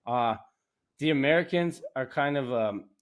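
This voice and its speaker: A man from Canada chatting casually as a podcast host, rambling and animated, laughing often. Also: medium pitch, unhurried, smooth. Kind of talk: casual chat.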